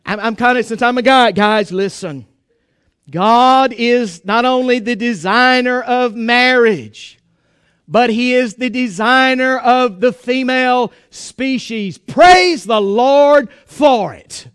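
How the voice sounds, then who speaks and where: A man preaching in a folksy, emphatic way, with jokes mixed in. His voice sits very high for a man and sounds smooth and resonant. The recording is close and dry, with no room sound. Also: slow pace, fairly bright tone, dry recording. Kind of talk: sermon.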